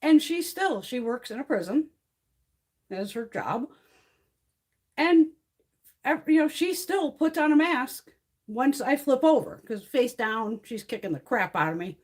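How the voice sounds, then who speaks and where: A woman's voice: high voice, sing-song, unhurried, long pauses. A middle-aged woman hosting a makeup live stream, telling blunt, heavily profane stories and laughing through them in casual chat.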